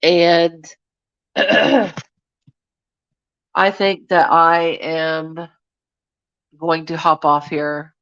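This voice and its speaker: A woman's voice: sits low, little pitch movement, very slow, long pauses, fairly bright tone, dry recording, lo-fi sound. A woman hosting a casual livestream chat with her viewers. Her throat is sore and scratchy, and she swears freely and blows kisses to the chat. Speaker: livestream host.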